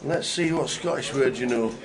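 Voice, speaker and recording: A man co-hosting a live stream in a playful, jokey way. His voice is mid-pitched, and his talk is loose, casual banter. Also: normal speed, over music. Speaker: co-commentator.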